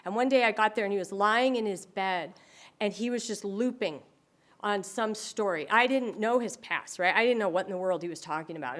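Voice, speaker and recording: A woman's voice: mid-range voice, a little fast. A woman presenting to an audience, telling stories animatedly and acting out other people's voices. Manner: animated storyteller who acts out quoted voices. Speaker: speaker on dementia care.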